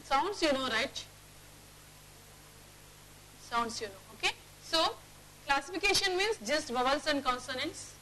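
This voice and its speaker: A woman teaches a phonics lesson in a classroom, with a high, bright voice and an unhurried pace. She says example words aloud and keeps checking whether the class is following. A faint hum sits behind her. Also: lively intonation, low-quality recording. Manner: drills words aloud, checks with quick questions.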